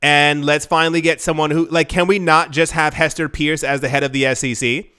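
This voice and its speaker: A man hosting his own channel with casual news commentary. He is excitable and sarcastic and says "like" a lot. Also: on the high side, brisk, clear, resonant tone. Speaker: show host.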